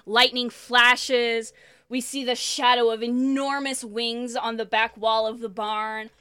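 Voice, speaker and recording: Bright, excited woman recapping a show. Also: on the high side, slow, smooth, no room sound. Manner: animated and profane, acts out quoted lines. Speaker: podcast co-host recapping an episode. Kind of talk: casual chat, excited episode recap.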